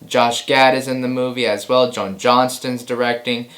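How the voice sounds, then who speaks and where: A man hosting a casual movie news show, excitable and rambling, often repeating himself. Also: medium pitch, moderate pace.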